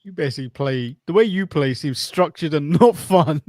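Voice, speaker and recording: A man's voice: on the high side, lively intonation, normal speed, a little mellow. A man with an English accent co-hosting a podcast, chatting casually with chuckles and hesitant restarts. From England. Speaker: podcast co-host. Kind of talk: casual watch-along chat.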